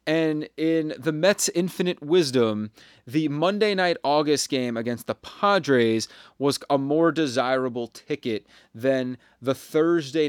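A man in his thirties co-hosting a sports podcast, telling a story in a halting, wry way with many restarts. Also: medium pitch, no echo, studio quality. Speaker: podcast co-host.

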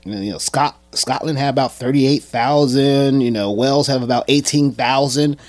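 A man commenting on a clip he plays for his viewers, animated and emphatic, often stammering and repeating words. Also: medium pitch, moderate pace, no echo. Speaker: video commentator. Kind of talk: reaction commentary.

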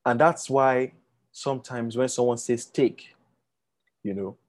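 A man's voice: medium pitch, a little slow. A man giving a motivational talk to an audience, often checking that listeners follow and acting out quotes in a raised voice. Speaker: speaker addressing an audience.

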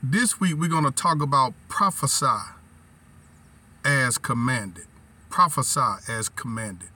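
A man's voice: mid-range voice, measured pace, bright, forceful tone, recorded from a distance. A man preaching a weekly teaching sermon, quoting scripture, repeating lines for the congregation to say back, and stumbling over words as he searches for verses. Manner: repetitive, call-and-response, scripture quoting; restarts and stumbles while thinking. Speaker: pastor.

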